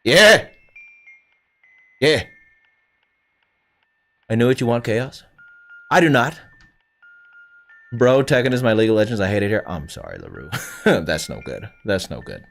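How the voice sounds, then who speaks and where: A man's voice: on the low side, very animated, measured pace, gravelly, long pauses, a bit bright. Young male streamer from Canada, swears freely, answers chat, voice swings up and down, faint music under him. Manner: profane, rambling, talks back to chat. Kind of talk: casual livestream chat with viewers.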